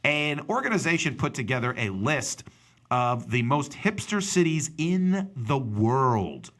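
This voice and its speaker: A man's voice: mid-range voice, very animated, measured pace, fairly bright tone. A man hosting a casual talk show, rambling and joking, often slipping into silly put-on voices. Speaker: radio show host. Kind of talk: casual banter.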